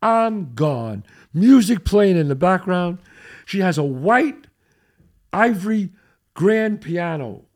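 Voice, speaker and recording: An older man, hosting a podcast and telling a profane, animated story in which he acts out the quotes. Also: high-pitched, takes it slowly. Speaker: host.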